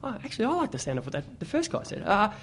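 A storyteller voicing a copycat man in a joke who stammers and rushes through his requests. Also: medium pitch, wildly swooping pitch, a bit bright. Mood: eager. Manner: hurried and hesitant, stammering. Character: copycat man wanting bigger versions.

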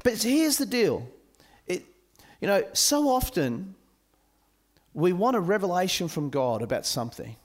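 Lively man preaching. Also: high voice, measured pace, pauses often. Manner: animated, joking with a youth audience. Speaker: camp speaker. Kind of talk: sermon.

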